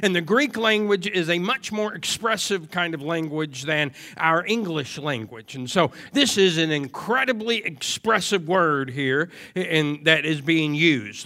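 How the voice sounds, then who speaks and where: Male pastor, sermon delivery: high, bright, slow, earnest, emphatic repetition. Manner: earnest, emphatic preaching with repeated phrases.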